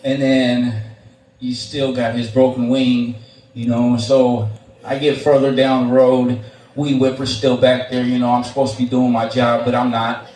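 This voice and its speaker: A man's voice: medium pitch, level tone, normal speed, a little mellow. A young man telling stories at a live show, in a casual, rambling way, swearing often and filling gaps with uh and um. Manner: rambling and profane, with many fillers and restarts. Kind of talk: casual spoken storytelling. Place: live venue, on stage. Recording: echoey room, mic far off, faint noise.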